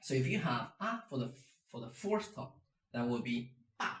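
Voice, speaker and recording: A man's voice: mid-range voice, moderate pace, recorded from a distance, a little hiss or hum. A man, a teacher, giving a beginner pronunciation lesson and acting out each tone with exaggerated sounds. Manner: animated, demonstrates tones with sung and exaggerated sounds. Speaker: Mandarin teacher. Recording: roomy, a bit off-mic.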